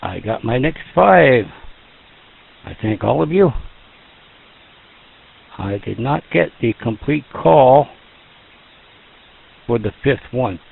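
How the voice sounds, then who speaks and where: A man runs an amateur radio net in a slow, drawn-out, folksy way. His gravelly, husky voice rises and falls a lot. It comes through a tinny radio line. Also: medium pitch, expressive. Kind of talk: casual radio net chat.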